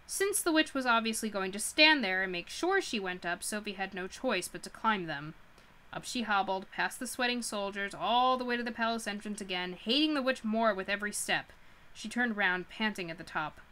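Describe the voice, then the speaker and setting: A woman's voice: medium pitch, lively intonation, normal speed, sharp tone. A woman hosting a book club livestream, reading a novel aloud and often stumbling and correcting herself.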